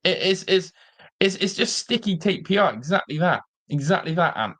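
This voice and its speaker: A man's voice: high-pitched, expressive, fairly quick, a bit bright. A man hosting a live-streamed football fan show, ranting in exasperation and repeating himself. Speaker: fan channel host.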